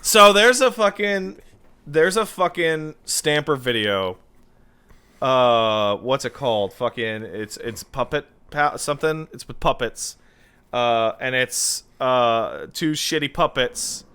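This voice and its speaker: A man co-hosting a podcast, chatting casually in an animated, joking way with plenty of swearing. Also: mid-range voice, slow, smooth. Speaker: podcast co-host.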